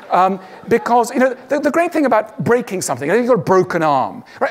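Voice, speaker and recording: A man's voice: high voice, very animated, brisk, few pauses. A man giving a witty stage talk to an audience, acting out the voices he quotes. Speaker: public speaker.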